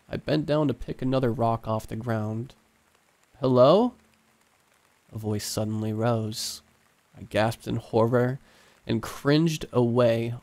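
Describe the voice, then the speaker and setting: A man narrating a scripted horror story in a hushed, suspenseful way. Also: mid-range voice.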